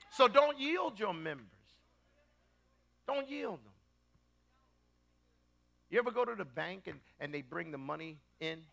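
A middle-aged man preaching a sermon, telling stories with animated swings and shouting at the peaks. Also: sits high, creaky.

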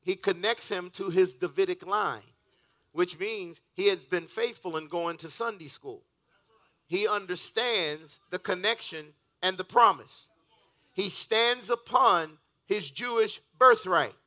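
High, piercingly bright preaching man. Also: slow pace. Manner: fervent, rhythmic preaching with scripture reading. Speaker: pastor. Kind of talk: sermon. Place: church.

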